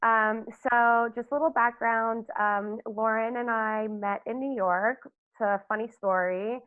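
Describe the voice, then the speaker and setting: A woman's voice: fairly high pitch, fairly even intonation, a little slow, clear, resonant tone, dry recording. A woman hosting a podcast interview in casual chat, gushing and rambling with lots of fillers. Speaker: podcast host. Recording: dry, tinny phone-like line.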